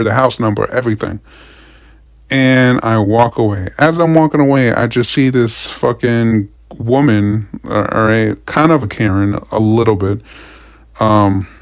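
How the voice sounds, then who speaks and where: A man's voice: medium pitch, no echo, clean studio sound. A young man ranting casually about his week, profane and frustrated, rambling with many restarts. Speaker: vlogger. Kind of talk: casual rant.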